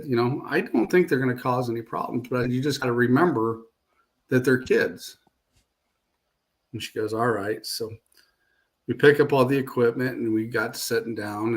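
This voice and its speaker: Chatty man retelling a ghost-hunting visit. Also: medium pitch. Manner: rambling anecdote-telling, repeats "I said" and "she goes". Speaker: paranormal investigator guest. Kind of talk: casual storytelling interview.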